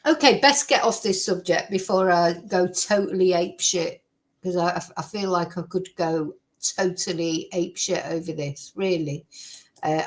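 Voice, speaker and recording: On poor audio, a woman with a mid-range voice hosts a casual true crime chat from her home computer. She rants with indignation and swears freely.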